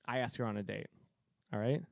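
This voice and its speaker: A man's voice: mid-range voice, fairly quick, gravelly, dry recording. Casual man from Cape Cod, dry sound. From Cape Cod, Massachusetts. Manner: profane, animated, laughs a lot. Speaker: podcast co-host. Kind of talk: casual storytelling.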